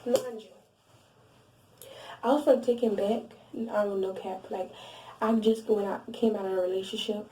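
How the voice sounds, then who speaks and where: A young woman with a mellow, darker voice tells a story straight to camera, blunt and animated, cursing freely and circling back over her own sentences. She sits a little back from the mic, so her voice carries a roomy echo. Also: a little high, slow, long pauses, distant mic, a little hiss or hum. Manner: animated and blunt, heavy swearing, frequent restarts and asides. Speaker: vlogger. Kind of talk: casual storytime monologue.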